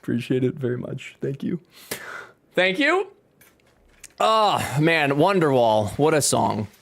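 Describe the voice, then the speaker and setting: A man's voice: medium pitch, sing-song, takes it slowly, gravelly, a bit bright. A man streaming a game from home, chatting casually with his viewers and joking with lots of swearing. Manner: joking and profane, talks back to chat. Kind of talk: casual live-stream chat.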